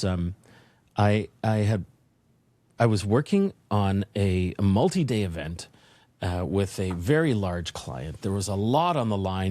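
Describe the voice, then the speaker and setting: A man guest on a business podcast, telling a personal story in an animated way and acting out the voices in his head. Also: on the low side. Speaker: podcast guest, leadership consultant. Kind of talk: interview storytelling.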